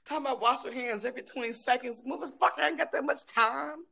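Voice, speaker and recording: A man chatting casually as a podcast co-host, animated and profane, with dramatic exclamations. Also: extremely high pitch, quick pace, creaky. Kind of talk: casual chat.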